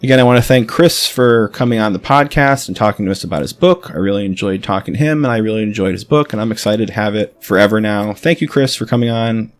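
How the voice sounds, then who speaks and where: A man's voice: on the low side, fast talker, few pauses, no echo, soft background music. A man hosting a podcast from his apartment, chatting and signing off in a friendly, upbeat way. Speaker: podcast host. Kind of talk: casual podcast chat and sign-off.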